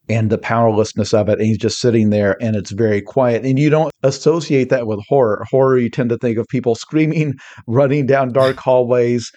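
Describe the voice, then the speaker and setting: A man guesting on a podcast, his voice mellow and warm in tone. He talks casually and with energy, slipping into quick mocking quotes as he makes his points. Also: mid-range voice. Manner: animated storytelling with quick mock quotes.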